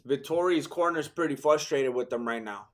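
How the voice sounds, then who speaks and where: A man giving live, joking fight commentary in a hoarse, worn-out voice. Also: mid-range voice, moderate pace. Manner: excitable, joking, sprinkles Spanish slang. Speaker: fight watch-along host.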